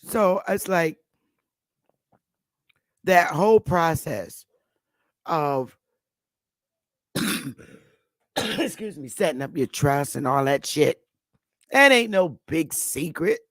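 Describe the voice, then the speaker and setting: A woman's voice: deep voice, lively intonation, very slow, pauses often, no room sound, studio quality. A woman hosting a casual morning talk show, rambling and blunt, with frequent swearing.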